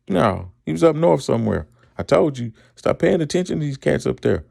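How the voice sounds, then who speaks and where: A man's voice: on the high side, big pitch swings, a little fast, vocal fry, hardly any pauses, darkish tone, dry recording, studio quality. A middle-aged man, co-hosting a casual sports talk show, asking rhetorical questions and repeating himself. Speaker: podcast co-host.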